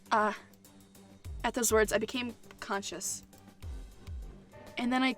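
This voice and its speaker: A woman's voice: medium pitch, moderate pace, pauses often, soft background music. A young woman hosting a gaming channel who reads a visual novel aloud, giggling, swearing and joking between lines.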